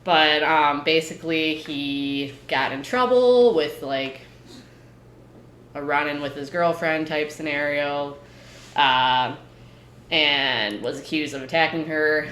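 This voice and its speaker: Young woman cohost talking slow and laughing a lot, echoey room. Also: deep voice, fairly bright tone, a little hiss or hum. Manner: laughs often, slow hesitant telling. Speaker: podcast co-host. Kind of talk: casual chat.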